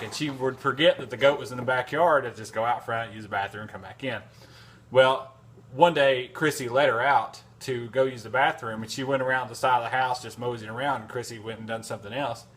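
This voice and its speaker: A man's voice: medium pitch, a bit bright. A man telling a casual, rambling anecdote in a vlog, full of restarts and fillers. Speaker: vlogger. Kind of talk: casual storytelling.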